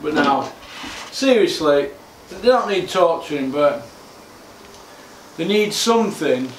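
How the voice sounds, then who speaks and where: A man's voice: a little high, animated, slow, recorded from a distance, slight background noise. A man, ranting about boxing in an exasperated, repetitive monologue. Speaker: boxing commentator. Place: home gym. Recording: echoey room, off-mic.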